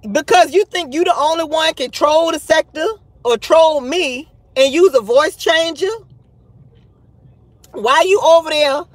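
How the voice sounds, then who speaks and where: Sighing, laughing and swearing casually, a woman runs a gossip commentary livestream, addressing her viewers directly in a dramatic, exasperated way. Her voice sits high, and there's no echo.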